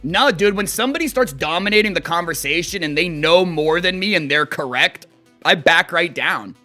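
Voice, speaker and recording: A man's voice: on the high side, normal speed, soft background music. A man streaming as he plays a game, chatting casually and telling rambling, profane stories. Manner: animated, profane, rambling storytelling. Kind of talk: casual chat while gaming.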